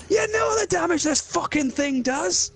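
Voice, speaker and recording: A rowdy young Scottish man gives loud, sweary commentary while playing a game, laughing often. His voice sits high and swings about energetically, with faint noise behind it. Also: vocal fry. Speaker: gaming YouTuber. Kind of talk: let's play commentary.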